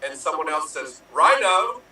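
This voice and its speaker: This is a man telling quick improv jokes with a very bright, sharp voice. He is heard from far off in a very echoey room with faint noise behind him, and he laughs at his own setups. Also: a little high. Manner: playful, laughs at own jokes, acts out punchlines. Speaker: improv player. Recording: roomy echo from far off.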